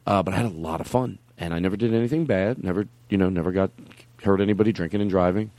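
A man's voice: deep voice, quick pace, dark tone, no room sound. A man hosting a comedy podcast, telling rambling stories in casual chat with many restarts. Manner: rambling storyteller, trails off and restarts. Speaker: podcast host.

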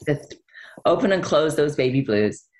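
A middle-aged woman in an interview, talking casually and telling stories. Her pitch rises and falls a lot as she goes, and she laughs often. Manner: chatty, animated storytelling with laughs. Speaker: guest actress.

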